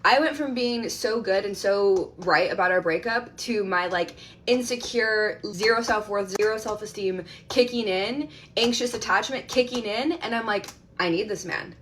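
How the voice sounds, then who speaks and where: A young adult woman telling a personal dating story in a casual, candid, self-mocking and animated way. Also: medium pitch, normal speed, a little hiss or hum.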